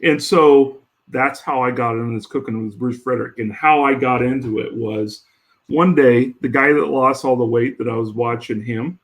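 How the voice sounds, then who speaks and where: Guest male, mid-pitched, lively jokey storyteller, casual and rambling. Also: normal speed. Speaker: podcast guest, home cook.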